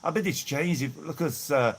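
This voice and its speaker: A man's voice: on the high side, moderate pace, creaky, breathy edge. A middle-aged man from England with a Birmingham accent, chatting casually on a live stream and thanking viewers by name. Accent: Birmingham English. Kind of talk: casual live chat, reading out viewer messages. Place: outdoors in hot weather.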